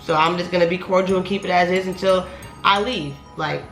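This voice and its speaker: A young woman vlogger telling a heated storytime, profane and animated, her voice climbing higher when she gets worked up. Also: a little fast. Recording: echoey room with faint music.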